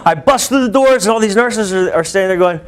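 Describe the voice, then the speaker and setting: Animated man telling a story to a class. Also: high-pitched, quick pace. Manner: animated, bursts into shouts and laughs while telling. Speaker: teacher.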